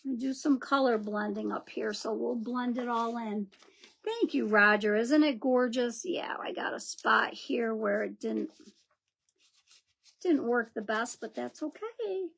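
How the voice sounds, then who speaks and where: Slow, gravelly-voiced woman craft host. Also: a little high, steady tone, a bit bright. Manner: chatty, greets viewers by name while working. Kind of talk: live crafting demo with viewer chat.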